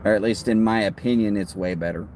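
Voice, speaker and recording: Relaxed Texan man chatting on a livestream. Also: on the low side, quick pace, slight background noise. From Texas. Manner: relaxed and rambling, friendly asides. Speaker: host of a pipe-smoking livestream. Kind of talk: casual livestream chat.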